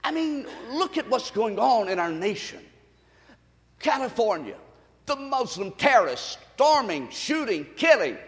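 A man preaching a sermon, leading the congregation to repeat after him and building to shouts. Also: extremely high pitch, very animated, a little slow. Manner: call-and-response preaching, rising to shouts. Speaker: pastor. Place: church sanctuary. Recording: long reverb of a church hall.

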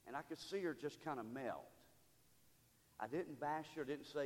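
A pastor preaching a sermon in a church, building from storytelling to loud call-and-response exhortation. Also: male voice, mid-range voice, lively intonation, brisk, long reverb tail. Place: church sanctuary.

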